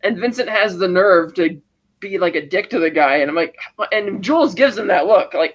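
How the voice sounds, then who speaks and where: A man co-hosting a podcast, retelling a movie scene by scene in a rapid, rambling casual chat. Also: high voice, animated, dull audio. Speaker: podcast co-host.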